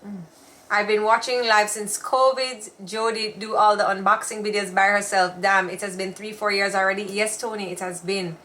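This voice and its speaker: A Jamaican woman co-hosts a weekly live show, chatting casually and reading viewer comments aloud on the stream. Her medium-pitched voice is bright and forceful, though her delivery is flat and moderately paced.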